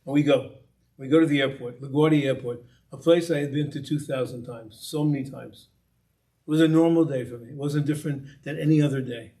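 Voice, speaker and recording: A man's voice: medium pitch, steady tone, fairly quick, dark tone. Man telling a story to an audience. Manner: conversational, with restarts and repetitions. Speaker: guest speaker. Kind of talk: storytelling talk.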